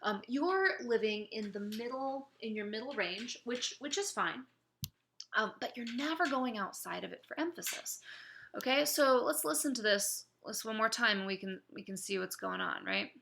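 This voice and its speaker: A woman's voice: a little high, animated, normal speed, vocal fry, sharp tone, a little hiss or hum. A woman instructor giving spoken feedback on a student's presentation, encouraging, with many fillers and restarts.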